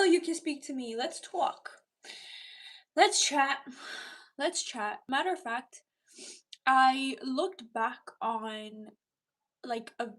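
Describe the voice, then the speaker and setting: A woman's voice: sits high, distant mic. A woman in her thirties chatting casually on a livestream, reading viewer comments aloud and slipping into whispered asides, recorded on a device's built-in mic. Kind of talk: casual live-stream chat. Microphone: built-in device mic, not a dedicated microphone.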